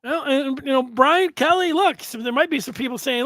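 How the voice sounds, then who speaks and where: A man's voice: extremely high pitch, moderate pace, few pauses, fairly bright tone, dry recording. A man hosting a casual sports talk show, reading viewer comments aloud and rambling with frequent restarts.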